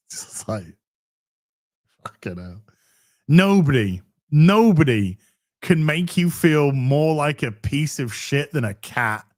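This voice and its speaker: Man, stream host, casual chat, swears a lot, fairly high voice, very lively pitch. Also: takes it slowly, long pauses. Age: middle-aged. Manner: profane, animated, restarts phrases often. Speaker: livestream host.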